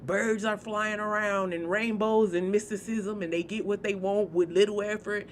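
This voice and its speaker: A woman's voice: medium pitch, steady tone, moderate pace, a little hiss or hum. A woman hosting a spiritual channel, talking casually and bluntly to her viewers, joking and cursing freely. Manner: blunt, profane, joking, speaks straight to viewers.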